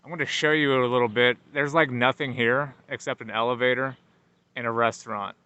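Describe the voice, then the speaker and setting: A man's voice: medium pitch, fairly even intonation, a little fast, bright, forceful tone, clear, resonant tone, no echo, muffled recording. A man from Iowa, a radio host, giving chatty, wry running commentary in a vlog while riding in a car. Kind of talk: casual travel vlog narration. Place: inside a moving car. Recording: road and car noise. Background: car and traffic noise.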